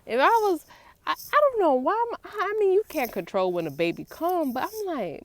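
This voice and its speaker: A woman's voice: extremely high pitch, normal speed, no room sound. Playful young woman vlogging, dry sound. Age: 20s. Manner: animated, talks to her child while filming; playful, acts out grandkids and her mother. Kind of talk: casual chat to camera.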